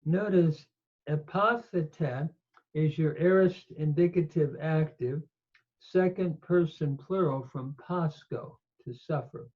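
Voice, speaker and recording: A man's voice: on the high side, breathy edge, muffled recording. A man teaching a Greek grammar lesson on scripture, explaining verb forms step by step with fillers. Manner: slow, methodical explanation with fillers. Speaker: Bible teacher.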